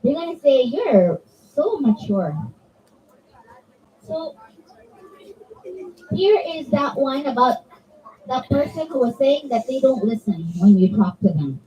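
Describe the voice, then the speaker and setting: A woman's voice: high voice, a little slow, pauses often, far from the mic, dull audio. A woman giving an interactive religious talk to children, acting out her examples. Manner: animated, acts out examples in voices. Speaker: children's religious class speaker. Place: religious center hall.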